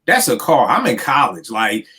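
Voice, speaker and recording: A man in his forties, a podcast host, ranting in animated, profane casual chat. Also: medium pitch, normal speed. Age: 40s.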